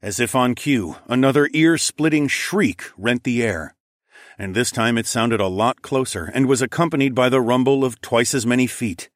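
A man narrating first-person fiction in a steady, measured storytelling way. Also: medium pitch, no echo, studio quality. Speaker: audiobook narrator.

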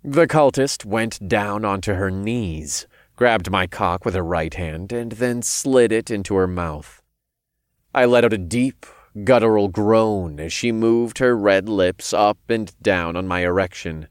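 Low-voiced man narrating a story. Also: unhurried, dry recording, clean studio sound. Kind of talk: scripted first-person story narration.

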